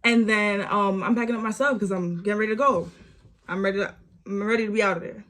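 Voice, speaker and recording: A young woman, telling a storytime vlog story with animated repeats and lots of "like". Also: mid-range voice, fast. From New York. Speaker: vlogger.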